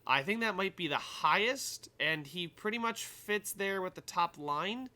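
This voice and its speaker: A man's voice: high voice, expressive, measured pace, pushed and bright. A young man giving casual game commentary, thinking aloud and rambling with many fillers as he plays. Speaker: gaming YouTuber.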